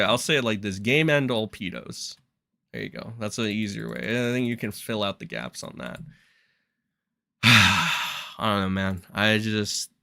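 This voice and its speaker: Bright-voiced man ranting on stream. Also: mid-range voice, no echo, studio quality. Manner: profane, exasperated, rambling. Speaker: live-stream host. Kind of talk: casual live-stream commentary.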